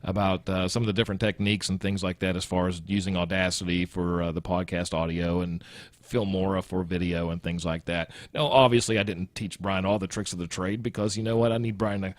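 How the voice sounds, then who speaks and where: A man hosting a casual podcast chat, animated and rambling with restarts. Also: sits low, fairly quick, no echo. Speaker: podcast host. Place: small room, podcast studio.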